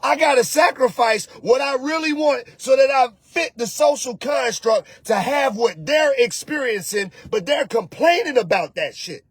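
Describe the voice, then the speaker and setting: A man hosting a casual motivational talk as a spiritual coach, animated and preachy, slangy and often shouting. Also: very high voice, moderate pace, few pauses, slightly rough, dry recording.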